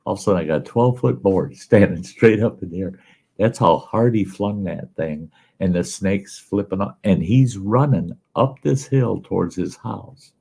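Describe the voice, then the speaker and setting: A man telling a folksy story in casual, animated style as a show host. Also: low-pitched, normal speed, vocal fry, husky. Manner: folksy, animated yarn-spinning.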